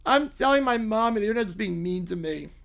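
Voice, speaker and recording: A man's voice: expressive, brisk, creaky, fairly bright tone, heavily acted. A man voicing a bratty, whiny young male streamer who calls himself a princess, demanding and petulant in a comic skit. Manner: petulant, demanding, shrill whining. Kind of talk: comic skit read aloud on a livestream.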